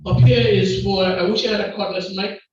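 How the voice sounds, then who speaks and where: A man with a Grenadian accent preaching a lively sermon and joking back and forth with the congregation. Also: sits high, brisk. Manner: loud, call-and-response, joking with the congregation. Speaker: guest preacher. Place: church hall. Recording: distant, echoey and muffled hall recording.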